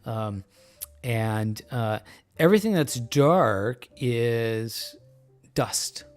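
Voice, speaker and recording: A man hosting a casual live stream, talking in a loose, rambling way with many fillers, relaxed and joking, a little tipsy. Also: medium pitch, extremely slow. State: a bit tipsy from beer. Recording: faint music in background.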